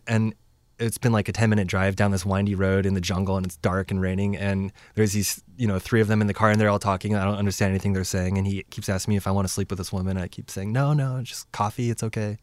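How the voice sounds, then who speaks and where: A man with a lowish voice tells a story casually, leaning on "like" and acting out the dialogue as he goes. The recording is dry and close, with no room sound. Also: flat delivery, fast talker, no echo. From United States. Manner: rambling, heavy use of "like" fillers, acts out quoted dialogue. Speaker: guest telling a travel story.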